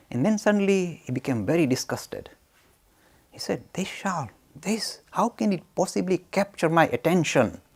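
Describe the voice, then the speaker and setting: A man telling a spiritual story as a lecture. He talks in an animated way, waving his arms, and asks himself questions that he then answers. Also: on the high side. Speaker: spiritual teacher.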